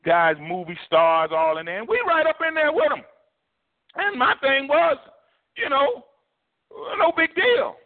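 Here a man with a mid-range voice preaches, relating a story in a relaxed, conversational manner and playing the people in it with acted quotes. The sound is dry, tinny, and phone-like, with no room sound.

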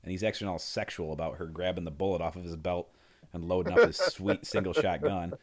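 A man's voice: low voice, expressive, brisk. A man co-hosting a casual movie podcast, animatedly retelling scenes and acting out lines. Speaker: podcast co-host.

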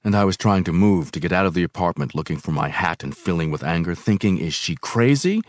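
A man with a deep, low voice reads a novel aloud at a measured, unhurried pace. The recording is dry and close, with no room echo. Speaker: reader.

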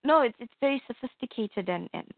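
A woman's voice: a little high, animated, brisk, gravelly, no room sound. A woman casually chatting about comics, giving brief, easygoing replies. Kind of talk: casual comic book chat. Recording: tinny phone-like line, dry.

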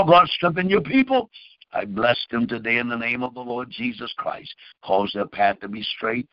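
A man's voice: mid-range voice, dry recording, muffled recording. A man preaching and praying as pastor, with fervent pleading questions. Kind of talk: sermon and prayer.

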